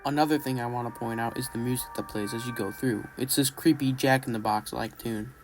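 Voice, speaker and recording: A man's voice: mid-range voice, fairly even intonation, a little fast, faint music behind. A man giving casual, enthusiastic commentary as a gaming YouTuber walking through a horror game.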